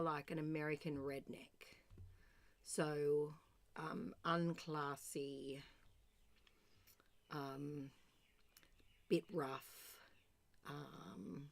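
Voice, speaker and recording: An Australian woman in her thirties chatting casually and rambling while she crafts, murmuring to herself as she writes. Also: fairly low pitch. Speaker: art streamer.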